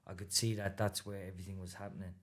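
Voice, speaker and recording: A boxer from Ireland, in his thirties, tells stories as the guest in a laid-back interview, cursing freely along the way. He has an Irish accent and a deep voice, and he speaks quickly in a level tone.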